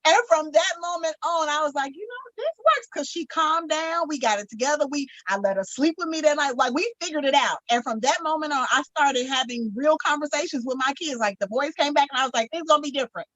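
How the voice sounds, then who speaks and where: A woman's voice: sits high, fairly quick, few pauses, fairly bright tone, dry recording, poor audio. A woman in a casual chat, telling an earnest personal story on a video call. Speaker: co-host.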